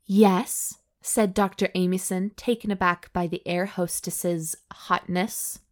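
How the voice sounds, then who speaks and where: A woman co-hosting a comedy podcast, reading fan fiction aloud slowly and breaking into laughter. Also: on the low side, steady tone. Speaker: podcast co-host.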